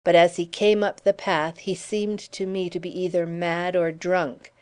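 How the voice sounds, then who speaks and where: Woman reading an audiobook, lowish voice, smooth and clear. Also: unhurried. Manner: steady storytelling. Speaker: audiobook narrator. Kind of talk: scripted narration.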